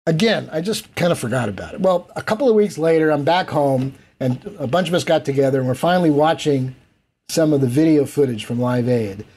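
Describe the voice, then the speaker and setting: A middle-aged or older man, a guest in an interview, telling lively anecdotes and acting out the voices he quotes. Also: on the high side, brisk. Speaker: interview guest, event producer. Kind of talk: storytelling in casual interview.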